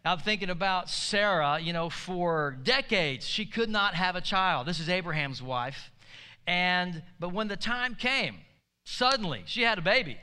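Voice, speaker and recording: Male pastor, high clear voice, storytelling sermon, echoey hall. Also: expressive, unhurried, sharp tone. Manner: storytelling, conversational preacher with call-and-response.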